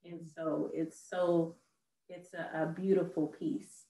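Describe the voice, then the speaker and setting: A woman hosting an interview, speaking slowly and affirming her guest with soft murmurs of agreement. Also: on the low side, little pitch movement. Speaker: host. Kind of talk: supportive interview chat. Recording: roomy echo, distant mic, faint noise.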